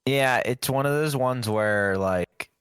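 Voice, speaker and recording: A man's voice: medium pitch, slow pace, a bit bright, smooth, dry recording, clean studio sound. A man co-hosting a casual gaming podcast, hesitant and trailing off. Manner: hesitant, trails off, lots of fillers. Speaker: podcast co-host.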